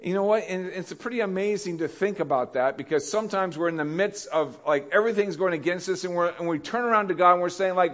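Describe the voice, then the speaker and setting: A man's voice: high voice, fast talker, few pauses, fairly bright tone. A male pastor preaching a conversational sermon, often repeating questions to the congregation.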